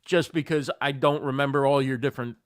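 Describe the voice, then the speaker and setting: A man's voice: mid-range voice, steady tone, brisk, no echo, clean studio sound. A man appearing as a guest on a podcast, thinking aloud in a casual, hesitant way with frequent laughs. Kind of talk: casual chat.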